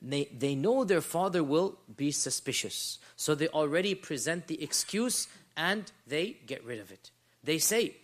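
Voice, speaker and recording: A man teaches a class on scripture in a fairly high voice. He explains step by step and repeats his phrases. He breaks into short recited Arabic passages. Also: lively intonation, moderate pace, a bit bright. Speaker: teacher of Quran commentary.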